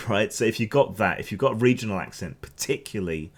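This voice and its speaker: A man's voice: on the low side, lively intonation, a little fast, breathy edge. A man with a Hampshire accent giving casual, opinionated news commentary on a stream, rambling and restarting often. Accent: Hampshire English. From England.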